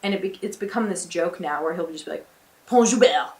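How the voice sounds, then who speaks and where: A woman's voice: fairly low pitch, reverberant. Chatty young American woman vlogging. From United States. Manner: chatty and upbeat, with quick laughs. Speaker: exchange student vlogger. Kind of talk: casual vlog chat. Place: small attic bedroom with slanted ceiling and beams.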